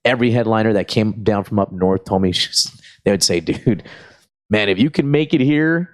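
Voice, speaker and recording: A guest comedian with a lowish voice and a moderate pace tells rambling, profane stories in casual chat, retelling them in an animated way.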